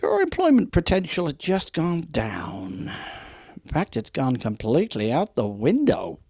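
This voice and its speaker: A man's voice: medium pitch, huge pitch swings, a little slow, a little mellow, no echo, clean studio sound. Emphatic male customer service trainer. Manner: emphatic, repetitive warnings; acts out customer dialogue in quotes. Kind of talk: unscripted training talk.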